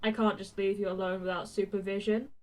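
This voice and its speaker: A man's voice: high voice, little pitch movement, fairly quick, close to an everyday voice. A woman voicing a cocky, teasing young male hero with wings who talks in casual slang.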